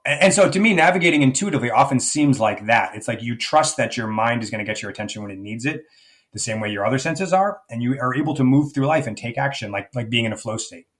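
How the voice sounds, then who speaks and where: A man's voice: mid-range voice, expressive, fast, fairly bright tone. A middle-aged man speaking as a life coach guest in an interview, thoughtful and searching, often restarting his sentences. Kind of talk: reflective conversational interview.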